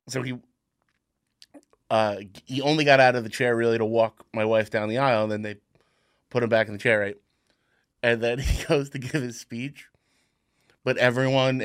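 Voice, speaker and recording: A man's voice: mid-range voice, a bit bright, clean tone. A man, a comedian co-hosting a podcast, telling an anecdote with frequent laughter. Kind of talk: casual chat.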